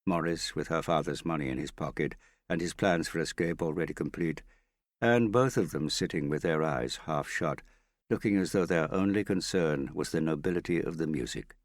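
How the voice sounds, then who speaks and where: A man reading a novel aloud as narrator, in a measured, even storytelling manner. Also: rumbling low, no room sound, studio quality. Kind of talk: audiobook narration.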